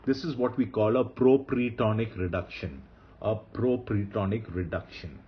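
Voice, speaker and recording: In a recorded lecture on Hebrew grammar, a man speaks at a normal speed in a fairly low voice, patiently repeating key rules and posing rhetorical questions to his listeners. The recording is dull and lo-fi.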